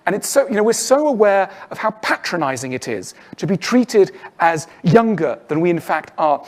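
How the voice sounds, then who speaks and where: A man's voice: on the high side, a little mellow. A man giving a lecture-style public talk, emphatic and persuasive, who acts out quoted inner voices as he goes. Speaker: public speaker.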